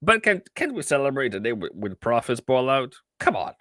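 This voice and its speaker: A man trader on a live stream, chatting casually about his trades with animated repeats, asides and laughs. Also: mid-range voice, a little fast, dry recording.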